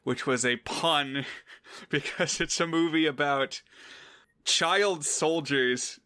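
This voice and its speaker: A man chats casually as co-host of a film podcast, his voice bright and smooth. The sound is dry and close. He tends to ramble, circling back with fillers and small self-corrections. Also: fairly high pitch, slow pace, dry recording. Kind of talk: casual chat.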